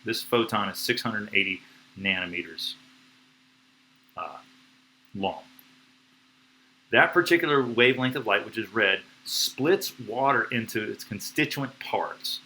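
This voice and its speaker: Excitable teacher, bright tone. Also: male voice, fairly low pitch, a little slow, pauses often, poor audio. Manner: excitable, slangy, playful sound effects. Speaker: biology teacher. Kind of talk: enthusiastic live-streamed lecture.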